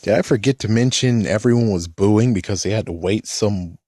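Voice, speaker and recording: A man's voice: on the low side, moderate pace, dark tone, no echo. A man giving a casual, rambling recap of a cartoon episode, exasperated and swearing mildly. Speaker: video commentator.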